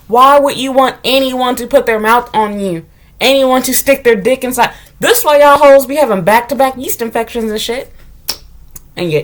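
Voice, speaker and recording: Blunt, profane woman vlogging. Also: fairly high pitch. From United States. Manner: blunt, profane, candid storytelling. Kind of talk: casual vlog monologue.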